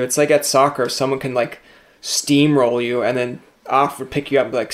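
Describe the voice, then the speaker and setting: A man hosts a relaxed interview, telling stories with animation. He often slips into other people's voices to act out quoted lines. His pitch sits in the middle range for a man. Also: brisk. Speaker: interview host. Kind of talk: casual interview chat.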